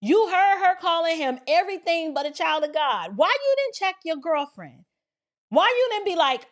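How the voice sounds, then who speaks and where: Animated high-voiced woman lecturing. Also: unhurried. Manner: preachy, animated, slips into voices of friends. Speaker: commentary host. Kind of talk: opinion commentary.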